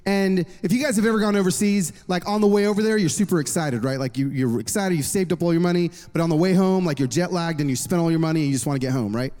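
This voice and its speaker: A man in his thirties preaching a sermon to a congregation, telling a lively personal story with jokes. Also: on the high side, fast, hardly any pauses. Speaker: worship pastor. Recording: long reverb of a large hall.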